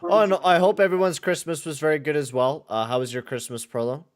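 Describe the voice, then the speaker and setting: A man from western Canada hosts a casual podcast doing live hockey play-by-play, swearing and complaining in exasperation. His pitch is fairly high, his tone steady and his delivery fairly quick.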